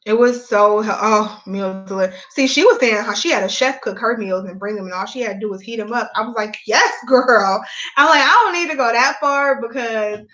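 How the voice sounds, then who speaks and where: A woman's voice: medium pitch, brisk, few pauses, fairly bright tone, lo-fi sound. A young woman chatting candidly to her viewers at home, a mom vlogging in casual Southern-style speech. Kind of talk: casual chat.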